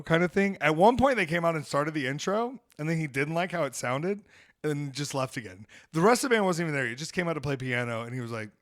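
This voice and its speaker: Animated storytelling man, dry close mic. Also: fairly high pitch, a little fast, dry recording. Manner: animated storyteller, swears freely, acts out quotes. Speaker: podcast host. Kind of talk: casual chat.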